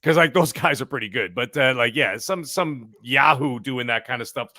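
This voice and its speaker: A man's voice: mid-range voice, lively intonation, moderate pace, background noise. A man talking on a casual gaming podcast, blunt and dismissive.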